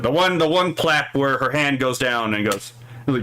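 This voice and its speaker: This man speaks a little fast at a medium pitch, with a fairly bright tone. Streaming casually, he reads viewer comments aloud and rambles through stories, often ending sentences with "right?" and chuckling between thoughts.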